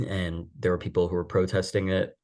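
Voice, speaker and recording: Deep, flat-voiced man speaking haltingly. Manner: halting, emotional, restarts often. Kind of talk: conversational podcast talk.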